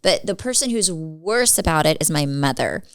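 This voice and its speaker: A woman in her forties co-hosting a podcast, telling animated stories in casual chat and acting out other people's lines. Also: sits low, normal speed, smooth, dry recording. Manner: animated storyteller acting out quotes. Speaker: podcast co-host.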